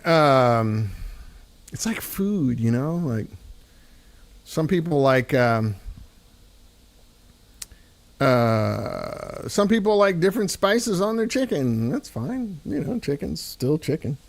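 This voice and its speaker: A man's voice: a little high, takes it slowly, vocal fry, long pauses. A man hosting a casual livestream, chatting loosely with viewers and using many filler words. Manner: relaxed, rambling, answers chat with filler words. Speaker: livestream host and amp builder. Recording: loud guitar amp playing behind. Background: electric guitar through amp.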